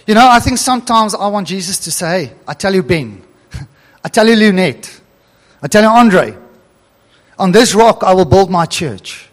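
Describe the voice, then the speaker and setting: A middle-aged man with a high voice delivers a sermon, animated and given to chuckling between scripture readings. The sound carries a long reverb from a church hall. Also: normal speed. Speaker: preacher.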